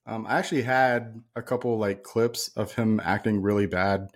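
A man's voice: on the low side, fairly even intonation, normal speed. A man co-hosting a casual movie podcast, talking bluntly and ranting with plenty of swearing. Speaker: podcast co-host. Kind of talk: casual chat.

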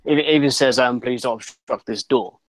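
A man shares work stories on a podcast in a halting way, stacking up fillers as he talks. His voice sits at a middle pitch, and the recording is close and dry. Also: no echo, rough recording. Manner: hesitant, many fillers and restarts. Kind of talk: casual chat.

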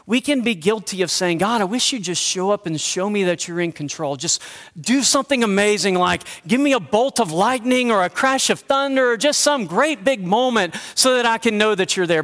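Guy preaching at church, pretty high voice, jokes with the crowd, goes real quiet sometimes. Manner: drops to a hushed near-whisper for emphasis, then lifts again; conversational and joking with the congregation. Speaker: pastor. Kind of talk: sermon. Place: church sanctuary.

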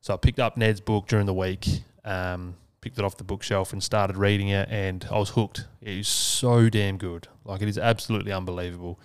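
A man's voice: on the low side, steady tone, fairly quick, few pauses, smooth, no echo, studio quality. An Australian man hosting a solo podcast, talking casually and earnestly, swearing freely. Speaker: podcast host.

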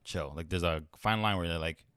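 Brief: young male co-host, very deep, quick and slangy, dry close mic. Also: fairly bright tone, clean tone, dry recording. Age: young adult. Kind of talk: casual chat.

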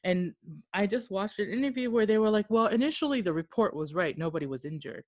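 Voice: medium pitch, fairly quick, no echo. Podcast host, casual rambling chat, laughs a lot, dry close sound. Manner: rambling and animated, many "like" fillers; laughs often.

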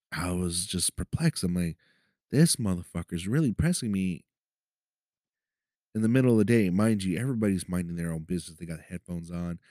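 Low-voiced man telling a story casually. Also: darkish tone, dry recording, studio quality. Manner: profane, conversational, keeps checking in with "right?". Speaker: podcast host. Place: city of Los Angeles.

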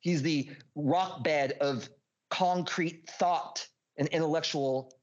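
A man telling a story as a podcast guest, rambling and excitable, swearing a lot and packing his talk with filler words. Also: fairly high pitch, slow pace, lo-fi sound. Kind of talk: casual storytelling.

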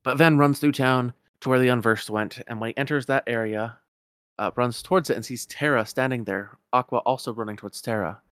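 A man's voice: medium pitch, fairly quick, a bit bright, clear, resonant tone, no echo, clean studio sound. A man casually retelling a game's story, rambling and correcting himself as he goes.

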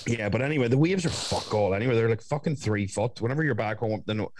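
Fast-talking young man. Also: mid-range voice, darkish tone. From Ireland. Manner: storytelling, swearing, doing voices of others. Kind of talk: casual chat.

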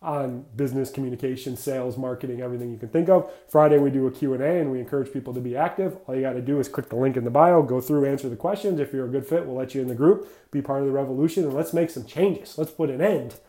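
A man hosting a casual podcast for clinicians, talking in a blunt, energetic, rambling way and saying "like" a lot. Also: mid-range voice, fast talker, few pauses, reverberant.

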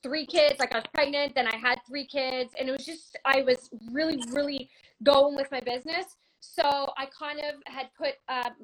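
Woman, from Canada, thirties, high voice, casual animated storytelling, laughing, shouty bursts. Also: normal speed, a little hiss or hum, poor audio. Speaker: guest telling a story.

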